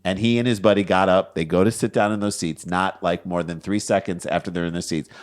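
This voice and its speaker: A man's voice: deep voice, a little fast. A middle-aged man co-hosting a comedy podcast, telling anecdotes and acting out the people in them. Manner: animated, acts out voices in anecdotes. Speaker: podcast co-host. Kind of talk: comedic storytelling chat.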